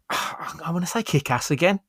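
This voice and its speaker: A man's voice: on the high side, lively intonation, unhurried, fairly bright tone, slightly rough, dry recording, clean studio sound. A man co-hosting a podcast in casual chat, enthusiastic and rambling, with casual swearing. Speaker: podcast co-host.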